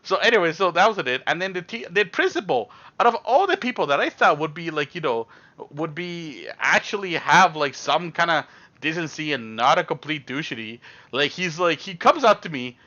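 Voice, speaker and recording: Young guy rambling thru a story on stream, lots of um and like, bright kinda lo-fi sound. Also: a little high, moderate pace. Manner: rambling, animated, lots of fillers and acted-out quotes. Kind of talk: casual storytelling on a live stream.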